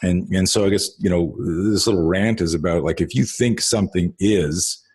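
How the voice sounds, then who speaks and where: A man's voice: sits low, moderate pace, darkish tone, slightly rough. A man hosting a casual conversation, telling rambling stories full of restarts, fillers and swearing. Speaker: host.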